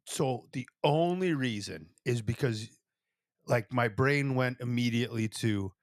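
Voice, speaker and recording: A man's voice: mid-range voice, measured pace, no room sound, studio quality. A young man co-hosting a podcast, chatting casually and reacting to the story. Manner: laid-back, reactive listener. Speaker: podcast co-host. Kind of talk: casual chat.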